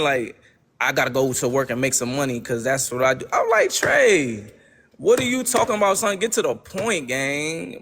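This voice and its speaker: A man's voice: on the high side, fairly bright tone. A young man hosting a livestream, ranting to his chat in casual slang and repeating exasperated rhetorical questions. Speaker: livestream host.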